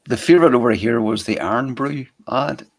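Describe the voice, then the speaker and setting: A man's voice: medium pitch, a little fast. A man co-hosting a livestream in rambling casual chat, swearing freely. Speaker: livestream co-host.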